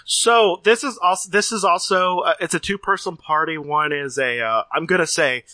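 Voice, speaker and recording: A man co-hosting a podcast, chatting casually and animatedly with quick asides. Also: on the high side, sharp tone, no echo. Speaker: podcast co-host. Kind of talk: casual chat.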